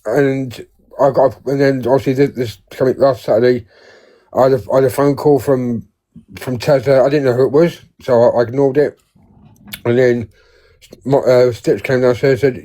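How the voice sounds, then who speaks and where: A man's voice: mid-range voice, steady tone, moderate pace, dark tone. A man in casual chat, hesitant and repeating words as he talks.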